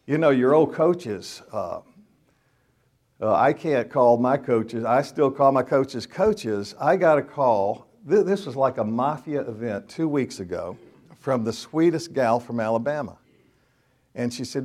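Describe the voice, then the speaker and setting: A man's voice: medium pitch, animated, moderate pace, a little mellow. A middle-aged man, a minister telling funny stories to a group of men in a folksy, joking way and acting out the scenes. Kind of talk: storytelling sermon.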